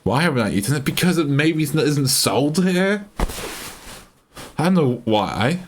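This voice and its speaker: A man's voice: fairly high pitch, expressive, measured pace, slight background noise. An Australian man chatting casually on a live stream, rambling and often cutting himself off mid-sentence. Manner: rambling, self-interrupting, chatty.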